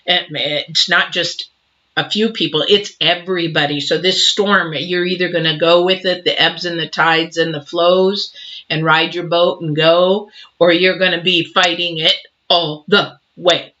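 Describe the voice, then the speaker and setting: A man with a fairly high, bright and forceful voice gives an intuitive tarot reading straight to his viewers. He talks in earnest, halting runs, often restarting his sentences, and sounds heartfelt and a bit emotional. The recording is dull and lo-fi. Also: steady tone. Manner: earnest, halting, with frequent restarts and soft laughs. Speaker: tarot reader.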